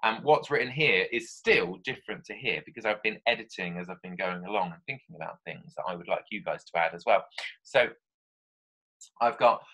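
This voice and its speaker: Guy teaching kids writing, chatty, thinks out loud, fairly low voice but bright and forceful. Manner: chatty, thinks aloud while writing, asides to pupils. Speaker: primary school teacher. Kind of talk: remote writing lesson for children.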